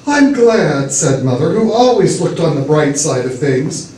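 Man, expressive storyteller reading aloud, higher voice, echoey hall recorded from far off. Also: normal speed. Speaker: variety show performer. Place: church hall with audience.

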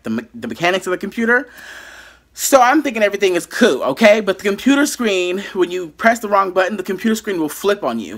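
Animated storyteller venting to viewers. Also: mid-range voice. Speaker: YouTuber. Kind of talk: storytime vlog. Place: bedroom.

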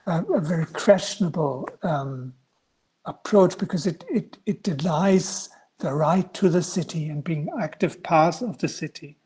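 A man's voice: on the high side, measured pace, a little mellow, slightly rough. A man giving a guest lecture on a video call, answering student questions in a hesitant way, with many restarts and fillers.

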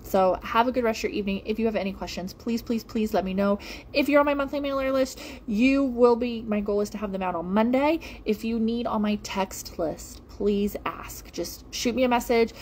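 A woman who works as a home-fragrance consultant, talking casually to viewers in a rambling, animated way with lots of fillers and repeated phrases. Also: medium pitch, slight background noise. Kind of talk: casual live-stream chat to viewers.

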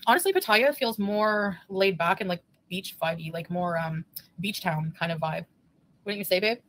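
A woman's voice: lowish voice, expressive, normal speed, a bit bright. A woman livestreaming, chatting casually and answering viewers with frequent giggles.

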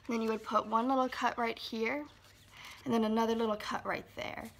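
A woman librarian reading a picture book aloud to children in a slow, sing-song storytime manner, sometimes dropping into soft whispers. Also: fairly high pitch, level tone, vocal fry, a little hiss or hum.

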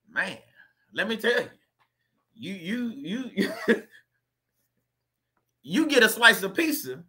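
A man's voice: high-pitched, bright, forceful tone. A man hosting a livestream, rambling in a joking way, laughing often and going off on chatty tangents. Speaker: livestream host.

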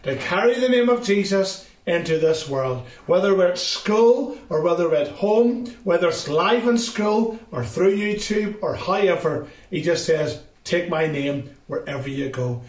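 A man with a high voice gives a children's assembly talk, telling the story straight to the young listeners. He is recorded from some distance in a roomy space, so echo hangs on his words. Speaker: children's ministry speaker. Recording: roomy sound from a distant mic.

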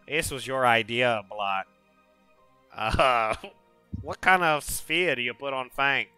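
A man's voice: mid-range voice, huge pitch swings, very slow, long pauses, sharp tone, smooth, no echo, soft background music. A man hosting a casual gaming stream, laughing often and teasing his co-hosts. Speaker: podcast host.

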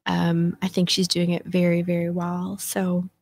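A woman's voice: lowish voice, completely flat delivery, unhurried, gravelly, darkish tone, slight background noise. A woman in her fifties hosting a casual solo podcast chat, talking in a chatty, self-mocking way with lots of fillers. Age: 50s. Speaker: podcast host.

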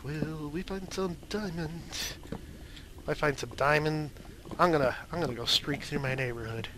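A man's voice: a little high, normal speed, sharp tone, slight background noise. A man hosting a gaming video, chatting casually and goofily as he plays, with rambling jokey asides. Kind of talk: casual gameplay commentary.

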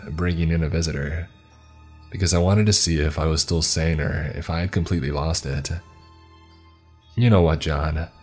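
A man narrating a horror story in a low, dark storytelling voice, with a husky tone. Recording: faint music behind.

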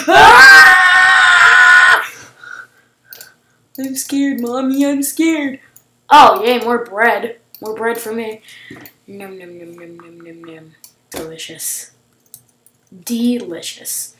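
A woman hosting casual gameplay commentary, excitable, shrieking and gasping at surprises. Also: fairly high pitch, echoey room, rough recording. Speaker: gaming channel host.

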